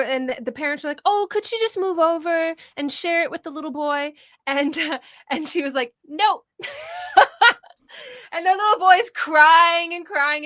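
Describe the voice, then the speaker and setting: A middle-aged woman co-hosting a casual political chat show, talking in an animated way, often laughing and sometimes swearing. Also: on the high side, no room sound. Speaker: co-host.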